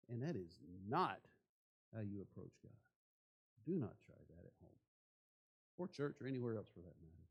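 A man's voice: fairly low pitch, sing-song, normal speed, gravelly, pauses often, slightly rough, highs cut off. A man preaching a sermon in church, asking the congregation rhetorical questions. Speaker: pastor.

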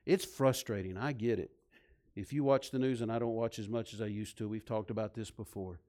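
A man preaching a sermon, swinging from loud, emphatic points to soft, low passages. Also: fairly even intonation, brisk. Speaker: pastor.

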